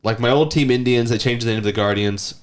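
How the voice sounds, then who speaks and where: A man's voice: mid-range voice, quick pace. A man in his thirties telling rambling stories in casual podcast chat, sometimes mimicking a child's whiny voice. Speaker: podcast host.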